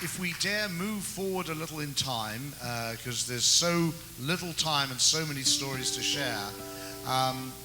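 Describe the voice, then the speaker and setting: A man's voice: mid-range voice, measured pace, pushed and bright, faint music behind, rough recording. A man interviewing a guest, asking long, winding questions with fillers.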